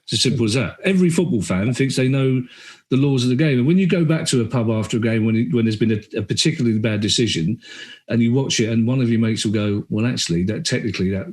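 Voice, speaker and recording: A middle-aged man chats as a podcast guest. He is animated and tells stories with quick asides. He often acts out the voices of the people he quotes. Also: medium pitch. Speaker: podcast guest, comedian and author. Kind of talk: casual chat.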